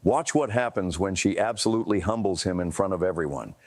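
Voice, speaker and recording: A man reading scripted narration for a celebrity clip video in an even, measured way. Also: sits low.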